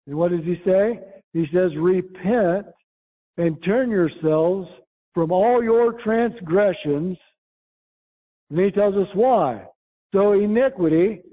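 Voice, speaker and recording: A man with a fairly high voice preaches a sermon, reading scripture and explaining it verse by verse. He slows down and lifts his voice for the quoted verses. The sound is thin and tinny, like it comes down a phone line. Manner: rises in pitch when quoting scripture, slow and emphatic.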